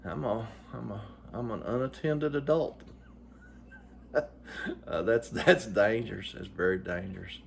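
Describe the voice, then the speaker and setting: A middle-aged man with a drawl chats casually to his channel, folksy and joking, full of "uh"s. His voice sits low, with a faint hum in the background. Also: unhurried, creaky, pauses often. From West Virginia. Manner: folksy, joking, many fillers. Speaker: vlogger. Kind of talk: casual vlog talk.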